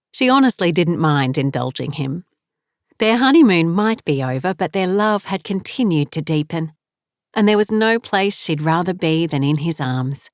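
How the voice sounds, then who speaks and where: A woman narrating an audiobook in an unhurried, measured reading. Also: on the low side, lively intonation, no room sound, clean studio sound. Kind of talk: scripted narration.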